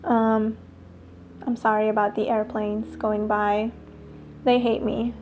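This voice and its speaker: A woman's voice: a little high, little pitch movement, takes it slowly, a little mellow, a little hiss or hum. A woman talking through a casual makeup tutorial at home, chatty, with lots of fillers and little laughs. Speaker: beauty vlogger. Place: home, airplanes passing nearby.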